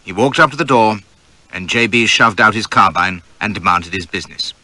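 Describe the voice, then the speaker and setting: A man's voice: fairly low pitch, normal speed, pushed and bright, no room sound. A man reading a novel aloud in first person, with wry, vivid, swaggering storytelling. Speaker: audiobook narrator.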